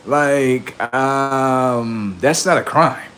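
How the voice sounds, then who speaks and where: A man's voice: medium pitch, drawn-out words, a bit bright. A man on a livestream, talking in a rambling, profane, boastful monologue, often laughing and acting out quoted voices. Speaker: livestream host.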